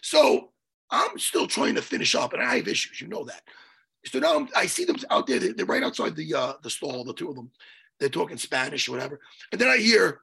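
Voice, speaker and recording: A man telling a story on a podcast in a casual, animated way, swearing and loudly acting out what people said. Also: high-pitched, a little fast, vocal fry, breathy edge. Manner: animated, swearing, acts out his own quotes loudly. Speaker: podcast co-host.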